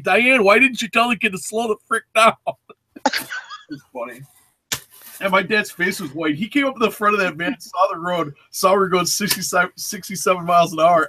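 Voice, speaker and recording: A man's voice: high voice, bright, forceful tone, husky. A man co-hosting a casual chat show, telling stories and acting out the voices of the people in them. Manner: storytelling, acts out quoted voices. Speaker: show co-host.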